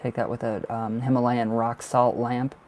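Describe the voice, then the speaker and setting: A man's voice: mid-range voice, level tone, normal speed, a little mellow, a little hiss or hum. A man giving live tarot readings on a stream, chatty and reassuring, full of fillers and emotion. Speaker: tarot reader.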